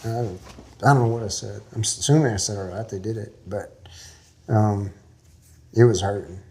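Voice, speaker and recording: A man's voice: on the low side, moderate pace, warm tone. A man from Texas, a guest in an interview, telling a long story in a folksy, rambling way with small laughs.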